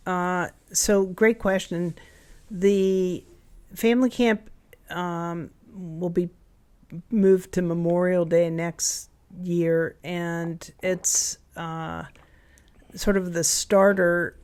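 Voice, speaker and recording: A woman's voice: on the low side, fairly even intonation, very slow, a little mellow. A woman in her fifties, a guest in a casual interview chat, who meanders and restarts her sentences. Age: 50s. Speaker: camp owner, guest.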